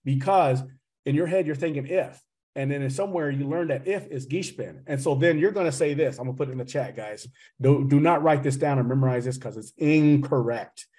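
A man's voice: medium pitch, fairly quick, mellow. A man teaching a language class over a video call, teasing his students and explaining grammar with jokes. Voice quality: teasing, joking, addresses the class as "guys".

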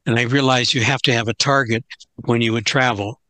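Bright-voiced older man telling stories. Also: medium pitch, fairly even intonation, dry recording. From United States. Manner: halting, restarts phrases, candid. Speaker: guest speaker, philosophy professor. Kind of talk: conversational storytelling.

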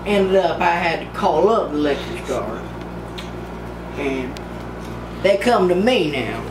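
A man's voice: on the high side, expressive, slow. A man playing a boozy, rambling backwoods hunter in an improvised comic interview, goofy and laughing a lot. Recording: distant echoey mic with loud traffic noise.

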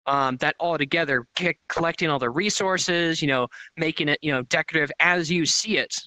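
Bright-voiced man explaining with examples. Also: fairly high pitch, brisk, no room sound, poor audio. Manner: explanatory, defines terms with examples. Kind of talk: casual panel discussion.

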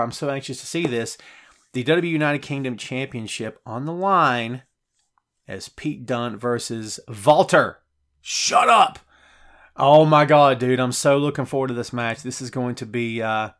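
A middle-aged man hosting a live show and reading viewer comments out loud. He talks in a loose, chatty way and gets excited easily. His pitch sits in the middle range for a man, and he fills his speech with ums and false starts. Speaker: wrestling podcast host.

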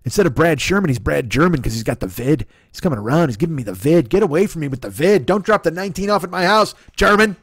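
A man's voice: mid-range voice, no room sound. A man in his fifties hosting a solo comedy podcast, rambling through a profane, sarcastic rant. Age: 50s.

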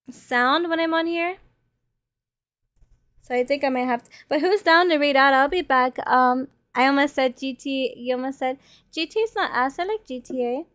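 High-voiced chatty woman streamer, swearing. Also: fairly bright tone, no echo. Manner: chatty, swears freely, thinks aloud. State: losing her voice. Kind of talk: casual gaming stream chat. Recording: dull, lo-fi stream audio.

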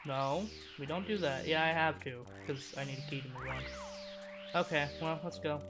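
A woman's voice: low voice, moderate pace. A woman streaming a game, chatting to herself and laughing at her own moves. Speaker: let's play streamer. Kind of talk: casual gameplay commentary. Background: game music.

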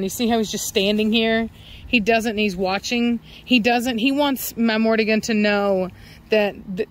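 A woman, a dog breeder talking casually outdoors while she watches her dogs and fills her speech with ums and likes. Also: mid-range voice. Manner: chatty, lots of fillers, voices her dogs' thoughts. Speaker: dog breeder and channel host. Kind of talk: casual outdoor vlog narration.

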